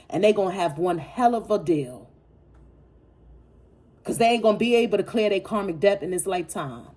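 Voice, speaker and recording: Warm, husky woman reading tarot. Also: on the low side. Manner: emphatic, preachy, repeats phrases for effect; profane and blunt. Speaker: tarot reader. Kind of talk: casual spiritual tarot reading.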